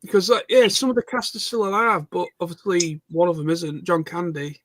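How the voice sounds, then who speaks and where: A man chats casually as a livestream guest, agreeing easily and reading out viewer questions. His voice is quite high, with a dry, close sound. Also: fairly even intonation, brisk, no room sound. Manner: agreeable, reads out viewer messages. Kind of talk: casual chat.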